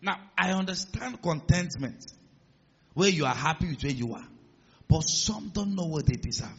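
A male pastor preaching a sermon in a large church hall, emphatic and building to loud declarations. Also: high-pitched, expressive, moderate pace, creaky, husky. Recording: muffled sound with long hall reverb.

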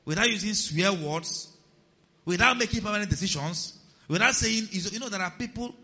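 A man's voice: high voice, normal speed, in a large hall, dull audio. A man preaching a sermon as pastor, humorous, acting out quotes in different voices. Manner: lively, humorous, acts out quotes.

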